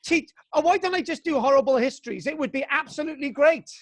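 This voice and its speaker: A man from Britain leads young students in a live archaeology class by video call; he's excitable and funny, acts mock-exasperated, and ends his sentences with "right?". His voice is very high-pitched, he speaks at a quick pace, and there's no room sound.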